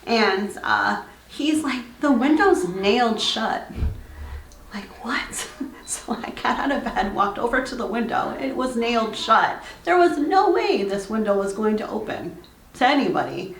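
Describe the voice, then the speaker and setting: A young woman telling her own haunted hotel experience in a casual, animated way, acting out what she and her husband said and laughing now and then. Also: a little high, moderate pace, echoey room, distant mic. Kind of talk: casual storytelling.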